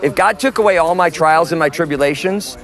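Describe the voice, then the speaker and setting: Man, street preacher, slightly high voice, emphatic, quizzes the crowd. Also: brisk. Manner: emphatic, forceful, quizzes listeners with questions. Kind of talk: outdoor street preaching in conversation.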